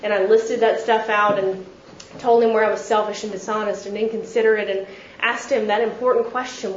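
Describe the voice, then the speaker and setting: A young woman with a Texan accent speaking at a recovery meeting, telling her story lively and acting out the people she quotes. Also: medium pitch, fairly quick, slight background noise. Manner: animated storyteller, acts out quotes. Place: meeting hall. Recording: echoey hall, dull lo-fi sound.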